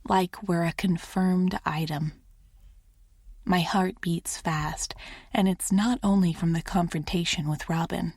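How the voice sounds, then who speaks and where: A woman narrates a first-person romance audiobook in a soft, intimate reading. Her voice sits on the low side and moves at an unhurried pace, and the recording is dry and close. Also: fairly even intonation, breathy edge, no echo.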